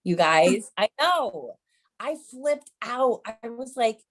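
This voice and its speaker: A woman's voice: on the high side, very animated, slow pace. A woman in her thirties doing a stand-up set, chatty and self-mocking, often calling the crowd "you guys". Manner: self-mocking mom jokes. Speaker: stand-up comedian.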